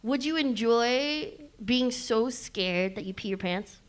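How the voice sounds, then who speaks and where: A woman's voice: fairly high pitch, animated, slow, clear, resonant tone. A woman hosting a live convention panel, teasing and playful with the audience, laughing often. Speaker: panel host.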